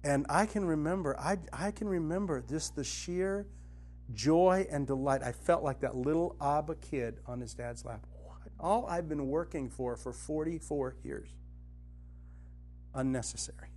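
A middle-aged man, Christian teacher and author, speaks a little slowly as he gives a conversational spiritual teaching. He tells personal stories earnestly, his voice dipping soft and low and then rising with conviction.

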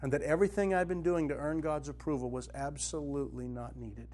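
Earnest storytelling man, slightly high voice. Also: steady tone, a little fast. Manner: earnest, storytelling, voice drops low and soft then rises with conviction. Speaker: Christian teacher and author. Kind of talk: conversational spiritual teaching with personal stories.

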